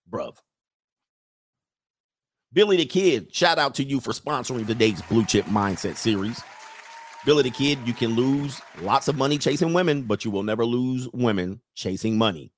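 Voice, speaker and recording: A man's voice: medium pitch, no echo, studio quality. A man hosting a live stream, reading viewer comments aloud and riffing on them in a loose, joking way. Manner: loose, joking, talks straight to the chat. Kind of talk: casual commentary.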